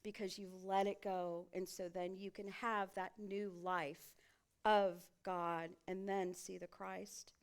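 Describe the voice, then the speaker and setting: A woman's voice: medium pitch, level tone, slow pace. A woman pastor preaching a sermon in a church sanctuary, often turning to the congregation with rhetorical questions.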